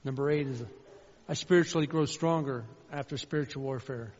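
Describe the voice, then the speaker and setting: A man preaching a sermon as a pastor, shifting from loud fervent calls to quiet personal storytelling. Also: mid-range voice, a little fast. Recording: dull sound with long hall reverb.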